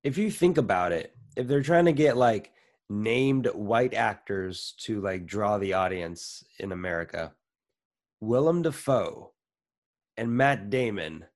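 An easygoing man in a loose movie discussion. He jokes, cuts in on his co-host and makes his point in plain, offhand talk. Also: on the low side. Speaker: podcast co-host. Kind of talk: casual movie review chat.

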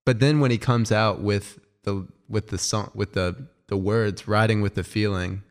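A man co-hosting a casual album review, enthusiastic but halting, with many ums. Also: lowish voice, fairly even intonation. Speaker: music review co-host.

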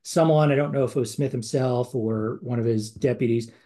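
Male podcast co-host, mid-pitched voice, loose rambling delivery full of fillers. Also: brisk, dark tone. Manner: conversational, rambling with many fillers and restarts. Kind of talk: casual chat.

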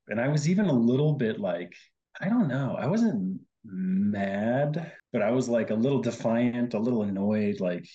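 A man's voice: mid-range voice, lively intonation, moderate pace, warm tone, muffled recording. A man, a guest on the show, telling his side of a personal story in casual conversation, with lots of fillers and quoted lines of his own. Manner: chatty, quotes himself often, many fillers. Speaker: guest, host's husband.

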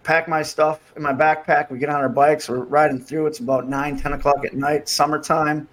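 A man's voice: fairly high pitch, normal speed. A man telling a story in casual podcast chat, acting out what people said along the way. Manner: animated storyteller acting out quotes. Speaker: podcast guest.

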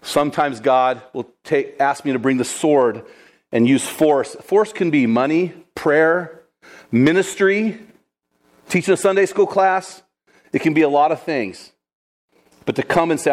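Lively, slightly high-voiced male preacher. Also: a little slow, pauses often. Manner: lively, conversational, addresses listeners as guys. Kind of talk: sermon storytelling.

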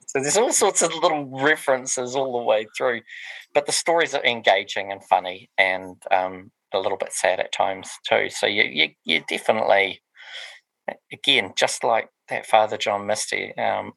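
A man's voice: on the low side, moderate pace, gravelly, fairly bright tone, no room sound, rough recording. A man, co-hosting a casual podcast and reviewing music, rambling with lots of ums and restarts. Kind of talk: casual chat.

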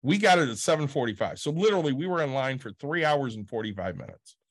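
A man's voice: mid-range voice, expressive, fast talker. A man casually telling a long convention story as a podcast co-host, acting out quotes and swearing freely.

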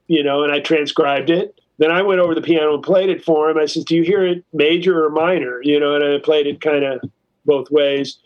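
A man's voice: a little high, muffled recording. Loose, profane male storyteller. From California. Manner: loose, profane, full of "you know" and "like". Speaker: guest musician. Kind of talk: casual storytelling.

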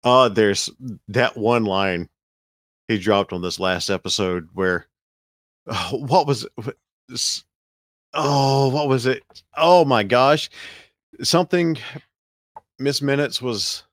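A man's voice: medium pitch, slow pace, pauses often, no echo, studio quality. A man with a Southern US accent from south Alabama, co-hosting a casual podcast chat, rambling and searching for words with laughs in between. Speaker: podcast co-host.

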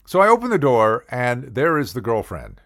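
An older man spinning humorous stories about his college years, his voice rising and falling in lively swings. The delivery is wry and self-mocking, recorded close and dry with no room echo. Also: mid-range voice, moderate pace, gravelly. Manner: wry, self-deprecating, animated. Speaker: comedic storyteller. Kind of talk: humorous personal storytelling.

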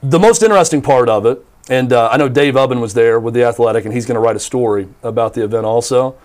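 A man co-hosting a sports talk radio show, telling stories in an animated way with plenty of fillers and restarts. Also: mid-range voice, fast.

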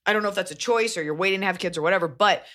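A woman's voice: medium pitch, rapid-fire, a bit bright. A woman in her thirties co-hosting a podcast, chatting casually with blunt, wry asides. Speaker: podcast co-host. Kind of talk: casual chat.

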